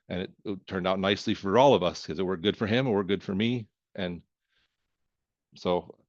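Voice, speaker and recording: A man teaching accounting in a relaxed lecture, walking through problems step by step with folksy jokes and asides. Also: lowish voice, no room sound. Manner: folksy and joking, with verbal asides. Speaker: accounting instructor. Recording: dry, slightly dull screen-recorded voice.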